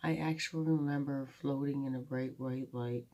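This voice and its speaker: A woman's voice: very deep voice, steady tone, normal speed, warm tone. A woman musing candidly about faith and her past in a rambling, heartfelt late-night talk to a phone held close to her face. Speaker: vlogger. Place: at home at night.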